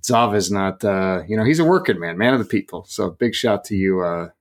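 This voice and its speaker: A young man co-hosting a casual podcast, telling stories in a lively, jokey way. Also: lowish voice, fairly quick. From rural area. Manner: animated, jokey, lively storytelling. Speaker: podcast co-host.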